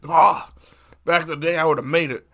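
A man's voice: on the high side, steady tone, brisk, sharp tone. A man with a lisp, co-hosting a podcast in casual, rambling banter and laughing often. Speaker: podcast co-host.

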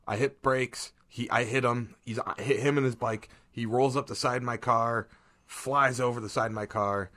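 A man co-hosting a podcast, telling a story in a rambling, animated way and acting out the quotes between laughs. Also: mid-range voice, moderate pace. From Ohio, USA. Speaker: podcast co-host. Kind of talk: casual storytelling chat.

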